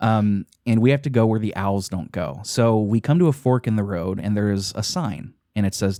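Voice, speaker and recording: Brief: podcast host, man with a lowish voice, dry close sound, excitable, swears casually. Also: moderate pace, few pauses, dry recording. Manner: enthusiastic, profane, laughs often. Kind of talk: casual game recap chat.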